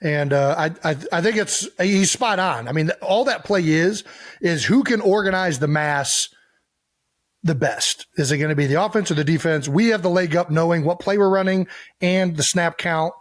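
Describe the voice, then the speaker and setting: A man's voice: fairly high pitch, moderate pace. A man co-hosting a podcast in casual chat, rambling, with many fillers and restarts. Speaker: podcast co-host.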